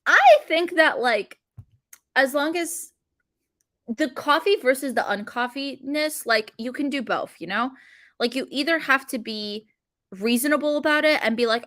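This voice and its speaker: A woman's voice: high voice, expressive, a little slow, a bit bright, dry recording, studio quality. A young adult woman hosting a casual coding livestream, chatty, with lots of fillers and frequent laughs.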